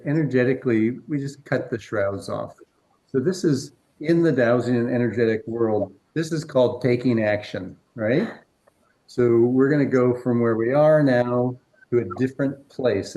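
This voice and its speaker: A man presenting an energy-healing workshop demonstration in an indoor event room, calmly instructing and walking a participant through each step. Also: mid-range voice. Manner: calm, instructive, guiding through steps.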